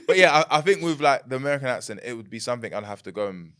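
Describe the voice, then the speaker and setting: A young man with a London accent, chatting as a podcast guest, animated and quick to laugh. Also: mid-range voice. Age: young adult. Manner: animated, laughs easily, repeats words. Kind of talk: casual chat.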